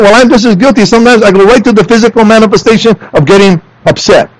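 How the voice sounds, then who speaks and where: A man preaching a sermon in church, animated, rising into loud emphatic lines and dropping to low asides for the congregation. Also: fast, hardly any pauses, dry recording, rough recording. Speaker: pastor. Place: church sanctuary.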